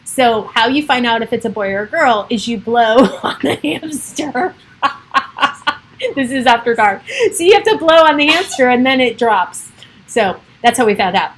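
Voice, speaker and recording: A woman's voice: on the high side, animated, normal speed, slight background noise. Giggly rambling middle-aged woman. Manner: chatty, giggly, wanders off topic. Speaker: realtor livestreaming to followers. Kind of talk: rambling casual livestream chat.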